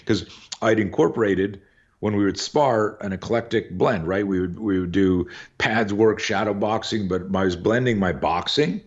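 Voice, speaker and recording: Middle-aged man, very low voice, casual storytelling, acts out the people in it, dull lo-fi audio. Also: normal speed. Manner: animated, acts out voices in anecdotes, swears casually. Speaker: podcast guest.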